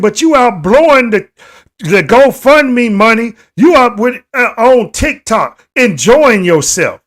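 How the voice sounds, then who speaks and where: A man with a high voice hosts a live stream and talks straight to the people watching. He sounds indignant and repeats his points, asking viewers questions and breaking into emphatic outbursts. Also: sing-song, takes it slowly. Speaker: livestream host.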